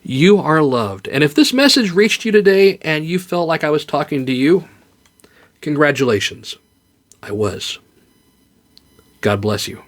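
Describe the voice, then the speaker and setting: Earnest man with a lively voice. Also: fairly high pitch, moderate pace. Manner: earnest, comforting, with light joke telling. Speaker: podcast host. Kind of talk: heartfelt encouraging monologue.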